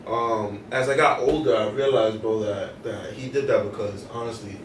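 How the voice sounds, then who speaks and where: A man's voice: fairly low pitch, steady tone, normal speed, distant mic. A young man, a podcast co-host, talking casually in loose street slang with many restarts. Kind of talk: casual chat. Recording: roomy, off-mic, faint noise.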